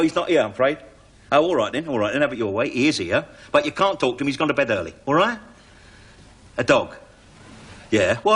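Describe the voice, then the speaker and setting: A comic actor in television sketch comedy voices a cheeky middle-aged burglar posing as a doctor, chattering and bluffing with plenty of tag questions. The male voice is fairly high and a bit bright, heard through a noisy old TV recording.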